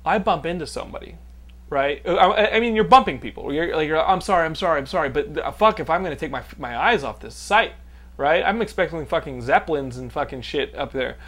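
A man in his thirties from Texas hosts a casual podcast with a slightly high-pitched voice. He tells his stories loosely and animatedly. He swears freely and laughs often along the way. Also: animated, a little fast, fairly bright tone. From Austin, Texas. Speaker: podcast host. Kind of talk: casual profane storytelling chat.

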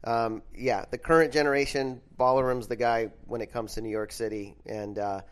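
Easygoing, rambling podcast host. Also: male voice, medium pitch, steady tone, moderate pace. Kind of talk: casual podcast chat.

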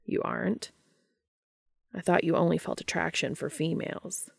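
A woman voicing a literal-minded male angel who talks in a flat, formal, deadpan way, in a fan fiction audiobook reading. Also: on the low side, normal speed, vocal fry, husky, dry recording, studio quality, exaggerated voice.

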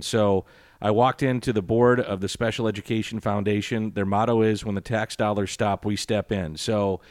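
A middle-aged man who talks in a loose, rambling way with a dry, sarcastic edge. He is a sports broadcaster answering an interviewer's questions. His voice sits fairly low and the recording is dry and close. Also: little pitch movement, moderate pace, no room sound.

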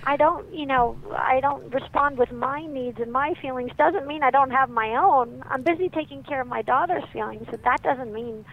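A woman voicing a candid stay-at-home dad who speaks in an emphatic, animated way. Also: sits high, normal speed, few pauses, phone-quality sound, voice pushed up.

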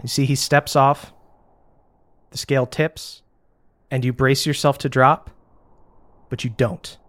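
A man narrating a tabletop game as game master, describing scenes vividly with quick asides to the players. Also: mid-range voice. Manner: descriptive, animated narration with frequent laughter.

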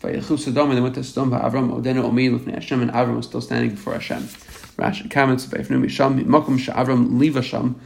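A man reading a Hebrew commentary aloud phrase by phrase and translating each into English, often halting and correcting himself. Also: mid-range voice, flat delivery, creaky, darkish tone. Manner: halting, repeats and self-corrects. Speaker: Torah teacher.

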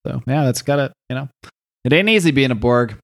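A man of ordinary pitch chats casually as a podcast co-host and drops in dry, joking remarks. The recording is close and dry, with no room sound. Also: animated, a little fast, no room sound.

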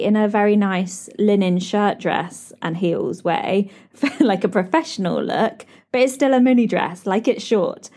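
A British woman hosting a podcast, telling animated stories with lots of laughs. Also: medium pitch. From Britain. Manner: animated storytelling with frequent laughs and "like". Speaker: podcast host. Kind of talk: chatty solo podcast catch-up.

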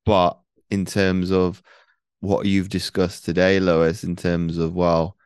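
A man's voice: low-pitched, monotone, takes it slowly, a little mellow, smooth, dry recording. A man hosting an interview, asking long, rambling questions with many restarts. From North Wales. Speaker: podcast host. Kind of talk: casual interview.

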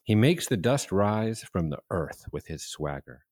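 Man, podcast host, soft-spoken, measured, very deep, slow, dry sound. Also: sing-song, dry recording. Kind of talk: interview, reading a poem aloud.

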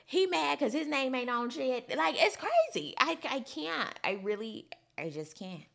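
Casting note: young woman, high-ish voice with plenty of vocal fry, blunt and animated, casual show recap. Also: a little slow. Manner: blunt, animated, swears freely. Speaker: reality TV recap vlogger.

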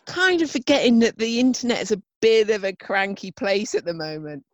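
A woman chats on a podcast, joking at her own expense and laughing often. Her pitch rises and falls a lot, and her voice sounds dry and close. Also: lively intonation, a little fast, no room sound, lo-fi sound. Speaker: podcast co-host. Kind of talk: casual chat.

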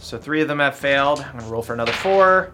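A man's voice: medium pitch, animated, fast, pushed and bright, soft background music. A man running a tabletop game as game master, narrating casually with many fillers and laughs.

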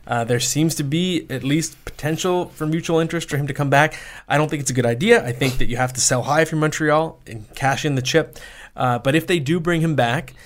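A man's voice: fairly high pitch, fairly quick. A man in his thirties co-hosting a sports podcast, giving opinionated takes with frequent self-corrections. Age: 30s. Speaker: podcast co-host. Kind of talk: casual sports talk.

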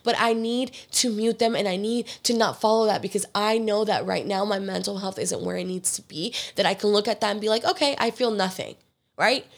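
A woman hosting a casual solo podcast, hoarse and raspy from being sick, talking in an earnest, open way with lots of casual fillers. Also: mid-range voice, fairly even intonation, fairly quick, hardly any pauses. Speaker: podcast host.

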